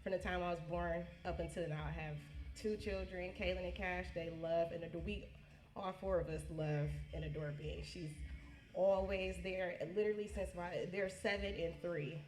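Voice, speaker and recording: Halting woman giving a tearful toast. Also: lowish voice, fairly even intonation, a little mellow. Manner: halting, restarts often, emotional. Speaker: niece giving a birthday tribute. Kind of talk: heartfelt casual speech. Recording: echoey room.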